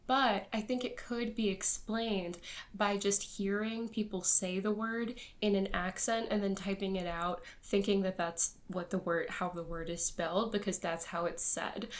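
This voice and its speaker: A young woman reviewing a book in casual, rambling chat, laughing often and filling her talk with fillers. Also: mid-range voice.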